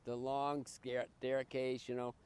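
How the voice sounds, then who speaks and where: An older man from Massachusetts, a podcast guest, tells his life story in an earnest, halting way, often restarting and repeating words. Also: mid-range voice, little pitch movement, darkish tone, clean tone. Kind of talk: personal life story in conversation.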